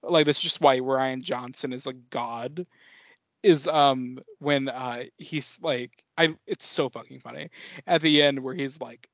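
A man co-hosting a casual film podcast, excitable, swearing often and trailing off mid-sentence. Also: medium pitch, unhurried, no echo. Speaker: podcast co-host. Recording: dull lo-fi podcast audio.

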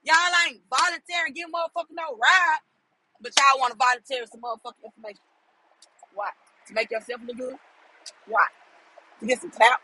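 A man giving a casual, profane opinion rant, often shouting for emphasis and asking "you know what I'm saying". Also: extremely high pitch, steady tone, brisk, pauses often, background noise. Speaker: commentator.

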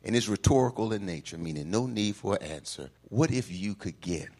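A man preaching a call-and-response sermon, climbing into shouts at the peaks and then dropping low and quiet, in a church sanctuary. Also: lively intonation, a little fast. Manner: whoops and shouts at climaxes, then drops low.

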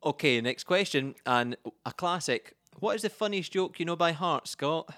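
A man co-hosting a podcast in casual chat, relaxed and giggly, often restarting his sentences. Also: on the high side, normal speed, dry recording, clean studio sound. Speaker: podcast co-host.

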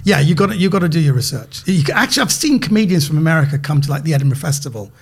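A middle-aged man with a British accent, an animated guest comedian chatting on a podcast who repeats words as he gets going. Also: a little high, very fast, slightly rough. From Britain. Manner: animated storyteller, repeats words when excited. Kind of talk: casual podcast chat.

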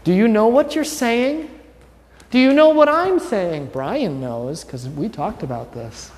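A man's voice: high voice, lively intonation, a little slow, darkish tone. A man, a pastor, giving a conversational teaching sermon, quizzing his congregation with an informal, wry manner. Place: church sanctuary. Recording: long church reverb.

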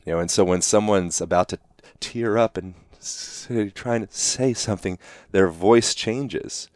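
Guy with a low voice explaining stuff on a podcast, lots of "you know", acts out little voices, dry mic. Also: dry recording. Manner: animated, acts out quick voiced examples; frequent fillers like "you know". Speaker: guest. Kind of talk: relaxed conversational explanation.

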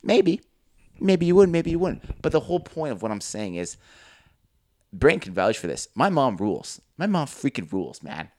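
An animated young podcast co-host tells stories casually, swearing freely and acting out quotes. His mid-range voice moves at a moderate pace, recorded with studio quality and no room sound.

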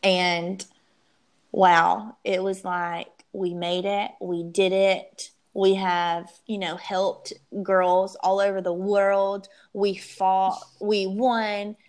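As an interview guest, a young woman tells her personal story, emotional and halting, frequently restarting sentences. Her mid-range voice has a flat delivery.

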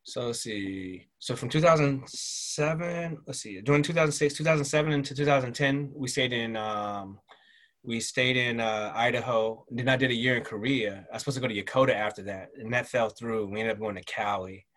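A man in his thirties, raised in the American South, talking about his family as a guest in an easygoing conversation. His voice sits at an ordinary middle pitch. He rambles casually, with plenty of "um", "like" and "bro". He gets lively when he acts out what other people said. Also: fairly quick. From Southern United States. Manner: loose and chatty, full of fillers and "bro", lively when quoting people. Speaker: guest, military father.

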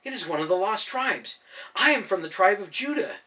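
A man voicing an earnest young Israelite woman who is startled and easily excited, reading her lines in a storybook reading. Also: mid-range voice, brisk, recorded from a distance, pitched above the performer's own voice.

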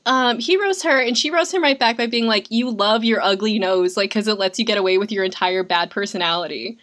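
A woman's voice: mid-range voice, a little fast, a bit bright. A young woman co-hosting a casual film recap, chatty and sarcastic with lots of filler words. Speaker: podcast co-host.

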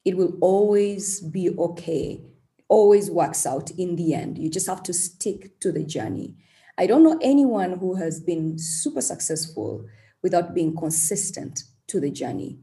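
Heartfelt young woman, mellow voice. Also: fairly low pitch, expressive, normal speed. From Uganda. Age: young adult. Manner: earnest, heartfelt, openly emotional. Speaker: tech entrepreneur guest. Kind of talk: podcast interview.

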